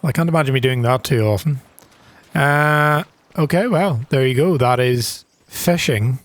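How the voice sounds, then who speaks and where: A man talks casually through a farming game at an ordinary, mid-range pitch. He is chatty and self-mocking, and he breaks into sharp gasps when something surprises him. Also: normal speed, no echo. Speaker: gaming channel host. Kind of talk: casual gameplay commentary.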